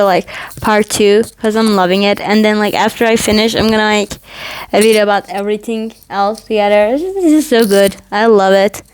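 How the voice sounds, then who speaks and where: A woman vlogger gushing about a show she loves, in a rambling, casual recap full of "like.". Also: mid-range voice.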